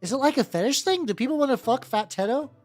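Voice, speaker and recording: Rambling, animated streamer voice. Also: high-pitched, fast talker. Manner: rambling, heavy on fillers, swears freely. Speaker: streamer painting miniatures. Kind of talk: casual live-stream chat. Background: faint background music.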